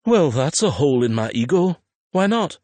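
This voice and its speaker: A man's voice: on the high side, very animated, moderate pace, a little mellow, no echo, pitched above the performer's own voice. Blunt, weary middle-aged father with a raised, emotional delivery; a man voices him in a dry, close read. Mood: brash.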